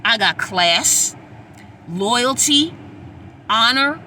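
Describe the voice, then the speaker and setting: A woman's voice: on the high side, expressive, very slow, sharp tone, slight background noise. A woman hosting her own podcast, talking in a blunt, sassy, preachy monologue and swearing freely. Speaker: podcast host. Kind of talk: casual monologue.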